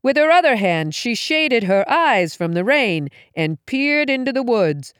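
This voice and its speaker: A woman reads a first-person story aloud, taking her time and shaping each line dramatically. Her pitch rises and falls in a lively way. The sound is dry, with no room echo. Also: unhurried, hardly any pauses, clear, resonant tone. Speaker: audiobook reader.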